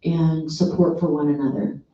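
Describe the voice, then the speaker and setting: A woman's voice: deep voice, steady tone, moderate pace, warm tone. A woman guest sharing a heartfelt, earnest story on a radio show. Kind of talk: casual faith-based chat. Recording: echoey room, distant dull mic.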